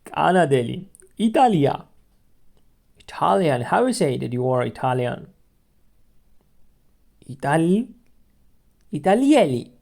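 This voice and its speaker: Slow, mellow-voiced language teacher. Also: mid-range voice, very animated, creaky. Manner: patient, repeats each word several times as a drill. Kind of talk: beginner language lesson podcast.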